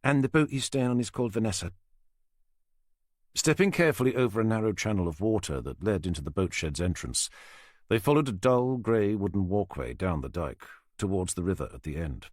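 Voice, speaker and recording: A man narrating a crime thriller audiobook in a measured, expressive storytelling way. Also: low voice, dry recording, clean studio sound. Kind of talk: scripted narration.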